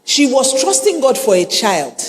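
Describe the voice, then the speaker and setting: A Nigerian woman pastor delivers a lively sermon with a pitch that leaps and dips. She mixes humor into her preaching and hammers points home by repetition. Her voice carries in a reverberant church hall. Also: a little slow. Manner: animated, humorous, repeats lines for emphasis.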